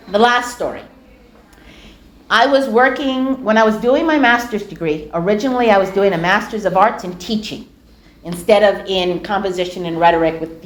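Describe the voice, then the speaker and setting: A middle-aged woman giving a storytelling lecture, animated and acting out the dialogue of her anecdotes. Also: fairly high pitch. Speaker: speaker giving a talk on dawah. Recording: echoey room.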